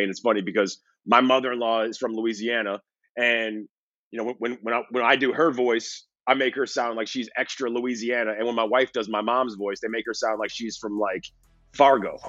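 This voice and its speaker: A man's voice: medium pitch, steady tone, fairly quick, soft background music. A man hosting a sports podcast, chatting casually with lots of fillers. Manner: conversational, rambling with fillers. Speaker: podcast host.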